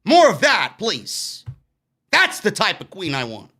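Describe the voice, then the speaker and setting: Man, high voice, sarcastic, blunt, swears a lot, solo wrestling review. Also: wildly swooping pitch, measured pace, pushed and bright. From New York. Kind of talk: opinionated solo show review.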